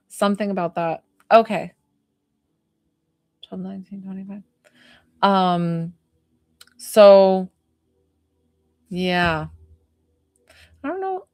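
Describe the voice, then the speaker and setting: A young woman talks through a live psychic reading, wandering in loose rambling sentences with lots of hesitant fillers. Her voice sits at an ordinary middle pitch. The sound is dry and close, with no room echo. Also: lively intonation, takes it slowly, pauses often, a little mellow. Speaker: psychic medium.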